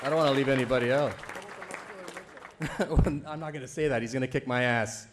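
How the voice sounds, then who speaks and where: A man's voice: medium pitch, fairly even intonation, moderate pace, a crowd in the background, noisy background. A man delivering a comedy roast at a charity banquet, chuckling through his jokes and teasing the guest of honor. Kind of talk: stand-up roast set. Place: banquet event before a live audience.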